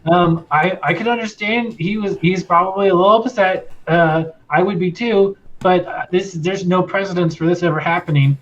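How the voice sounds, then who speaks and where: A man voicing a nervous, flustered male town guard who stammers and gets excitable. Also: sits high, normal speed, few pauses. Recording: lo-fi with faint music.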